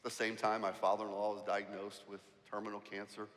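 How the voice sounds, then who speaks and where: Bright-voiced preaching pastor, reverberant hall. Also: male voice, lowish voice, brisk. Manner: animated, emphatic preaching with rhetorical questions. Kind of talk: sermon. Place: church sanctuary. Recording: church hall with long reverb.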